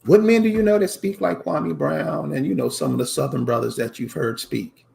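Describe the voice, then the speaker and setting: A man's voice: fairly high pitch, moderate pace, creaky, a little mellow. A man giving a casual commentary rant to his viewers, emphatic and preachy, repeating his points and calling out to them directly. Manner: emphatic, repeats lines, addresses viewers as y'all. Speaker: channel host.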